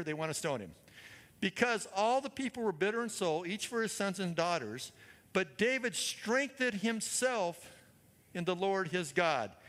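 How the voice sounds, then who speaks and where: A man preaching a sermon as a guest speaker, energetic and calling out to the congregation. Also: high voice. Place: church hall. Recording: church hall reverb.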